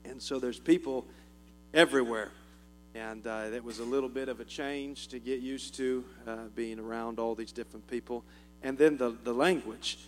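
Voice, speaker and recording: A man's voice: medium pitch, steady tone, normal speed. A man with a Southern US accent giving a folksy, joking church talk as a missionary, chuckling often and using many fillers. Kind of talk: informal church talk with humor. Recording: long reverb with faint music and mains hum.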